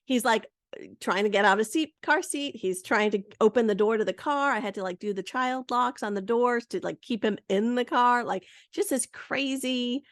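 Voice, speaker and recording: A woman in her thirties hosting a podcast, telling a story in a chatty, lively way. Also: fairly high pitch, moderate pace, no room sound, studio quality. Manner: chatty, lively, full of "like" and "you know". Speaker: podcast host. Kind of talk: casual storytelling monologue.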